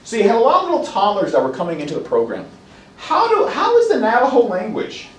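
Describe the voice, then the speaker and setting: Animated male instructor in an echoey classroom. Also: high voice. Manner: animated, acts out parents and children in quick asides. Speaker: college instructor. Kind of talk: classroom lecture. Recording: roomy classroom heard from a distance.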